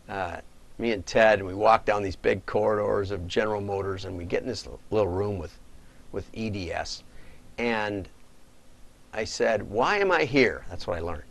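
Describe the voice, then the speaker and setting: Middle-aged man, consultant, lively pitch, rambling anecdotes, chuckling asides, livestream talk. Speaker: data marketing consultant. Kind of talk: casual livestream storytelling.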